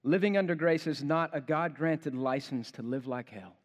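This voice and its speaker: A man's voice: fairly high pitch, normal speed. Emphatic male pastor in a reverberant church. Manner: emphatic preaching, builds to forceful rhetorical questions. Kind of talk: sermon. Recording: long hall reverb.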